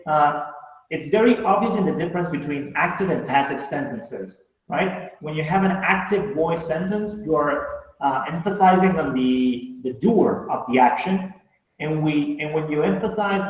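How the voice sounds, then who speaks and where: Man, teacher, class lecture, patient explaining, muffled lo-fi sound, slightly high voice. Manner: patient, explanatory, checks in with "right?" and "you see?". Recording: very echoey, dull lo-fi room sound.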